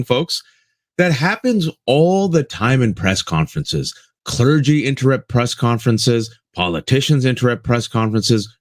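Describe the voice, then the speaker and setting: A man's voice: mid-range voice, dry recording, studio quality. A man co-hosting a live political talk show, giving impassioned commentary and addressing listeners as folks, repeating lines for emphasis. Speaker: co-host.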